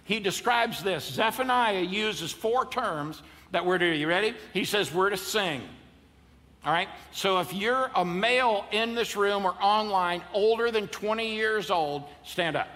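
A pastor in his fifties preaches to a live congregation in a large church auditorium, playfully joking and leading call-and-response. His high voice is expressive, pushed and bright, at a measured pace, with hall reverb and faint ambience.

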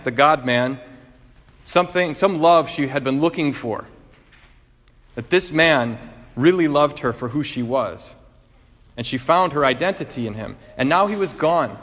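A man's voice: mid-range voice, a bit bright. A man preaching a sermon and retelling gospel stories in an earnest storytelling manner. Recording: reverberant hall.

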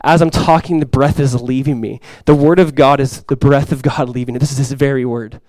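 A male pastor preaching a sermon to his congregation, swinging from loud, impassioned lines to quiet, soft ones. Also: mid-range voice, fairly even intonation, brisk, no room sound. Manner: impassioned preaching, swells loud for quoted cries then drops soft. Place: church sanctuary before a congregation.

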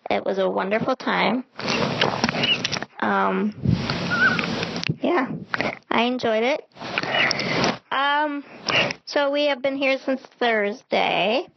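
A woman's voice: fairly high pitch, slow pace, gravelly, long pauses, muffled recording, very noisy. A middle-aged woman hosting a casual travel vlog, chatting in a rambling way with many ums. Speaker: vlog host.

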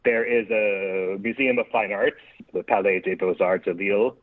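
A man co-hosting a podcast in casual chat, calm and measured, agreeable. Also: on the low side, dry recording. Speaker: podcast co-host. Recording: tinny phone-like line.

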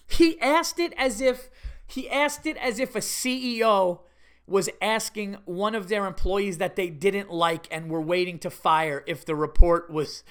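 A man hosting a podcast, telling stories in a casual, animated way, laughing often and swearing freely. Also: high voice. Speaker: podcast host. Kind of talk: casual storytelling monologue.

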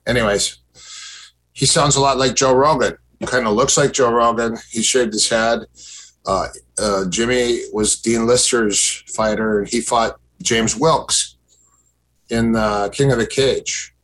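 A man's voice: mid-range voice, fairly even intonation, unhurried, fairly bright tone, slight background noise, low-quality recording. A man, a guest and former fighter, telling long stories in a casual chat, rambling with fillers and restarts and acting out what others said. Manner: rambling, many fillers and restarts, acts out quoted exchanges.

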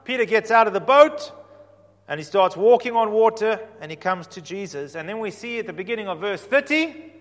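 A man preaching a sermon, animated, swinging from quiet explanation to loud emphatic points. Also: high voice, a little fast. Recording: reverberant hall.

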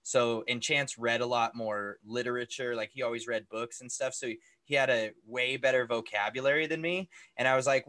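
A man's voice: mid-range voice, steady tone, moderate pace, few pauses, fairly bright tone, no room sound. Rambling man from Oklahoma chatting. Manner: rambling, heavy use of "like". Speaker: band member, podcast host. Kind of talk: casual chat.

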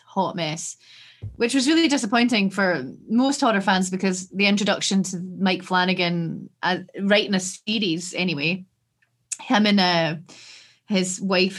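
Scottish woman, podcast co-host, casual chat, animated, sweary. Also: mid-range voice. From Scotland. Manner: animated, sweary, quick asides.

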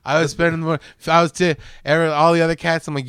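A man co-hosting a podcast, telling a story in a casual, animated way with swearing and loud cartoonish voices. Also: on the high side, fast, smooth, dry recording, clean studio sound. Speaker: podcast co-host. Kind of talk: casual chat.

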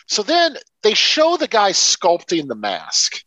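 A man co-hosts a film podcast, reviewing movies in a casual, animated chat and swearing and laughing often. His high voice swoops wildly in pitch, with a slow pace and sharp tone. The audio is poor, with no room sound.

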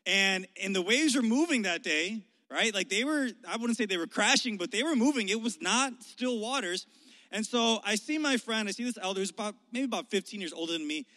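Bright-voiced man preaching in a hall. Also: sits high, fairly quick. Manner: animated, conversational, with frequent restarts. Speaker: youth pastor. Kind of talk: storytelling sermon.

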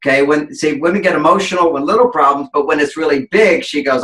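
A man lectures emphatically on relationships as an interview guest, his voice bright and fairly high for a man. Now and then he acts out quoted voices as he explains. The sound rings in an echoey room. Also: fairly quick, few pauses.

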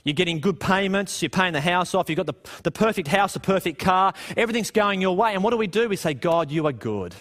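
A man preaching a sermon in a church in a conversational way, posing rhetorical questions and dropping low and quiet on the darker points. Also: quick pace, few pauses.

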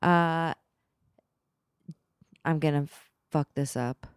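A woman's voice: deep voice, steady tone, extremely slow, smooth, no room sound, clean studio sound. A woman co-hosting a podcast in casual chat, laughing often and stumbling over names as she reads them. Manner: laughing, fumbling through names. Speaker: podcast co-host.

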